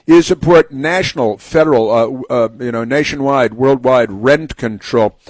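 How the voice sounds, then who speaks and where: A man's voice: medium pitch, moderate pace, darkish tone, no echo. A man hosting a talk radio show, delivering an opinionated monologue in a sarcastic, rambling way full of fillers and restarts.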